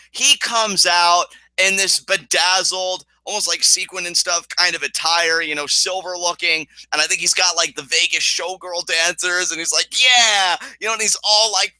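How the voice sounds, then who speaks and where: A man co-hosting a casual wrestling review podcast, excitable and swearing as he recaps. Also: on the high side, dry recording, low-quality recording. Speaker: podcast co-host.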